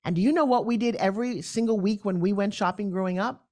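A middle-aged woman speaking as a guest in an interview, telling lively stories and acting out other people's voices. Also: fast, few pauses. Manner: acts out quoted voices with big pitch jumps. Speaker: guest, pitch expert. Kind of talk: animated storytelling interview.

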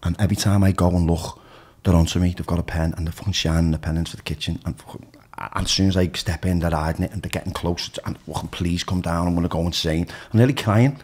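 A man with a Liverpool accent, guesting on a podcast as a DJ and telling blunt stories from his own life. His voice sits a touch low and comes out husky. He swears freely and trips into quick restarts. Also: darkish tone. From Liverpool, England. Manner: frank, heavy swearing, rapid restarts. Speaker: DJ and radio presenter, podcast guest. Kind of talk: candid storytelling in conversation.

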